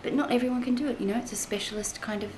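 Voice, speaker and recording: A woman's voice: on the high side, racing, darkish tone, a little hiss or hum, poor audio. A middle-aged woman, a voiceover artist giving her blunt opinion in a chatty, frank way. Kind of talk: mockumentary interview.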